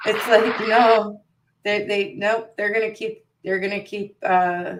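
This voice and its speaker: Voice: medium pitch, fairly even intonation, measured pace, background noise. A co-host in casual commentary chat, talking in a wry, exasperated, sarcastic way.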